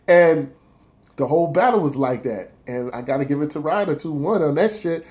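A man's voice: a little high, fairly quick, darkish tone. A man casually counting down his favorite rap battles of the year on his own blog, talking loosely and cursing freely. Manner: loose, profane, rambling street talk.

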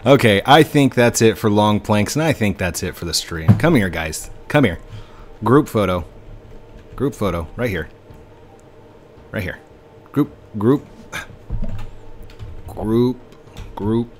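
Young guy on a game stream, lively up-and-down voice, slow talker, faint keyboard hiss. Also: fairly low pitch. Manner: playful, joking with chat and friends. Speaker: live streamer. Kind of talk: casual gameplay live stream.

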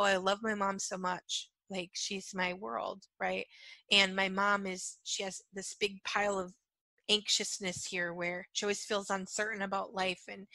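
A woman's voice: medium pitch, pushed and bright, dry recording. A woman casually teaching about energy and emotions, chatty with many "right?" fillers, acting out little quotes in her own voice. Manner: repetitive chanted clearing at the end. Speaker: spiritual teacher.

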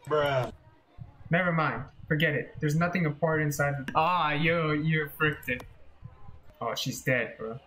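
A young man reacts to a horror game with jumpy, profane commentary. His voice sits on the high side and leaps into frightened yells. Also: unhurried, pauses often, a little hiss or hum. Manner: jumpy, swearing, yelling in fright. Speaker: gaming video creator.

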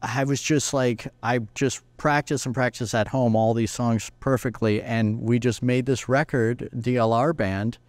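A male guest guitarist telling anecdotes in a lively way, briefly acting out what other people said. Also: mid-range voice, measured pace, few pauses, no room sound. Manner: acts out other people's lines while telling stories. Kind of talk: animated anecdotal storytelling.

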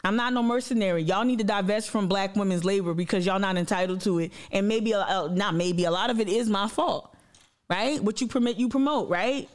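A woman's voice: medium pitch, fairly quick. Blunt, fiery woman livestream host. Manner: blunt, profane and emphatic, with lots of repetition; addresses the audience directly and reads viewer comments aloud. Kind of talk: impassioned livestream monologue.

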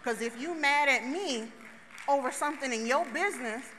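Woman doing a motivational talk on stage, high bright voice, jokey, talks right to the crowd, big hall reverb. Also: moderate pace, a little hiss or hum. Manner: chatty, joking, addresses the crowd directly. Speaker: conference speaker. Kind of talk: motivational talk to a live audience. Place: large conference hall. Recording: long reverb of a large hall.

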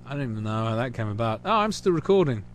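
A man from the United States chatting casually with hesitant pauses as the host of his own channel. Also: mid-range voice, big pitch swings, muffled recording, slight background noise. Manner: rambling, hesitant, full of pauses. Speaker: channel host answering questions. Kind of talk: casual recorded chat.

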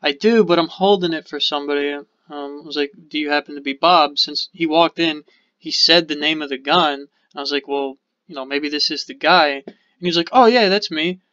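A podcast co-host rambles through a profane story on a casual show, acting out the people in it. His voice is on the high side, brisk, pushed and bright. The recording is dry, dull and lo-fi.

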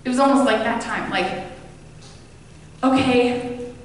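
Woman pastor, conversational sermon, slightly high voice, reverberant church hall, distant mic. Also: slow, a little hiss or hum. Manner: conversational storytelling, retells scripture in casual voices.

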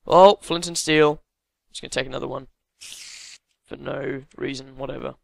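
A man's voice: medium pitch, steady tone, normal speed, vocal fry, no echo. Teasing English man playing a game. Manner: joking, teasing banter. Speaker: let's play host. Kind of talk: casual gameplay chat.

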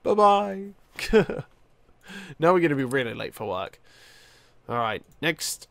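A young man giving rambling, tired let's-play commentary, with many fillers and sudden excited outbursts. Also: mid-range voice, moderate pace, vocal fry, no echo. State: tired, yawning. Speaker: gaming YouTuber.

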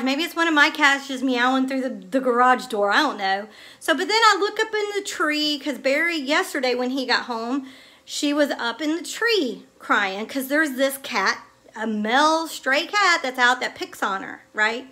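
A middle-aged woman tells a story to the camera in a chatty, excitable vlog, swearing casually and calling her viewers y'all. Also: sits high, moderate pace. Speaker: vlogger.

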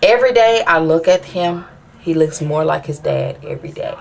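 A woman's voice: sits low, expressive, moderate pace, gravelly. A mother venting in a personal vlog, rambling and frustrated, with many restarts as she asks viewers for advice.

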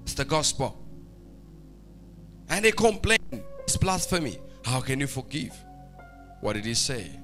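A man preaching a fervent church sermon, swinging between shouted, sing-song lines and hushed, quiet ones. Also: mid-range voice, big pitch swings, a little slow, long pauses, faint music behind. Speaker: pastor. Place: church service.

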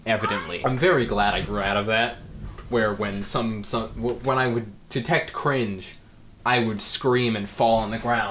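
A man's voice: lowish voice, steady tone, normal speed, fairly bright tone, slight background noise. A young man in his late teens giving a dry, self-mocking reaction commentary with sarcastic asides. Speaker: video creator.

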